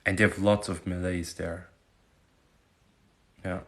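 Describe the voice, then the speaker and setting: A man from Germany hosting a casual livestream, chatting with viewers and haltingly trying out Chinese phrases. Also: low voice, level tone. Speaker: livestream host. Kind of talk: casual live chat answering viewers.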